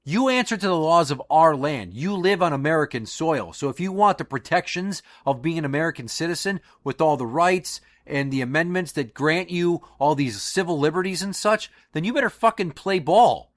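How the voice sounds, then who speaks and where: Angry profane ranting man, fairly high voice. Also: expressive, normal speed, few pauses. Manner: emphatic, escalating outbursts. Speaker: podcast host. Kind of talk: opinion podcast monologue.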